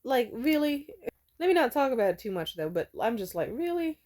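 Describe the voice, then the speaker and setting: A woman's voice: fairly high pitch, sing-song, fairly quick, a little mellow. A woman in her twenties telling stories in a casual vlog monologue. She swears freely, laughs often, and trails off and restarts her sentences. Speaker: vlogger.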